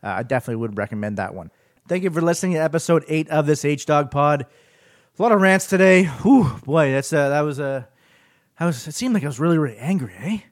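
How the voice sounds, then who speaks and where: A man's voice: fast, no room sound, clean studio sound. Ranting podcast host, man. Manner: animated ranting, swings up and down in pitch.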